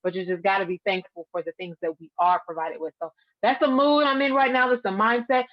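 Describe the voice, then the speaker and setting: A woman's voice: medium pitch, steady tone, brisk, no echo, dull audio. A woman on a talk show speaking in an upbeat, earnest way. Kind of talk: casual talk show conversation.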